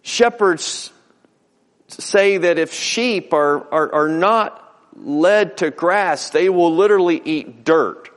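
A middle-aged male pastor preaching in a high voice, folksy and earnest, stacking up alliterative phrases and stumbling over repeated words. His sermon rings out through a large sanctuary with a long, lingering reverb. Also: slow pace.

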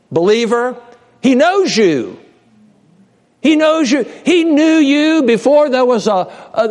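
A pastor preaches a passionate sermon, swinging between raised cries and low, hushed storytelling. He often repeats and restarts words and speaks directly to his listeners.

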